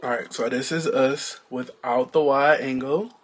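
A man's voice: medium pitch, steady tone, measured pace, husky. A man chatting casually to viewers in a vlog, talking straight to them and exclaiming often. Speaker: vlogger. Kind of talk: casual vlog chat to camera.

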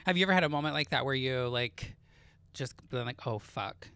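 A woman's voice: a bass voice, fairly quick, a bit bright, clear, resonant tone, no echo. Woman, comedian, podcast co-host, easygoing, laughs often, casual chat.

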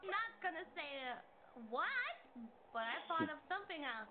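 A woman's voice: very high voice, sing-song, moderate pace. A woman streamer chatting in a giggly, somewhat hesitant way. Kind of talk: casual stream chat. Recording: tinny phone-like audio with crowd noise.

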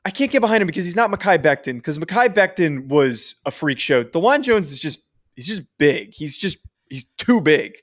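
A man's voice: fairly high pitch, sing-song, moderate pace, no echo, clean studio sound. A man co-hosting a football podcast in a casual chat, enthusiastic and prone to voice cracks. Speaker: podcast co-host.

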